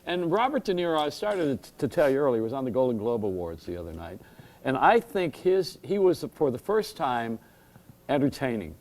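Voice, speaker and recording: A male late-night talk show host in a TV studio, flattering and encouraging his guest. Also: mid-range voice, normal speed. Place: TV studio set.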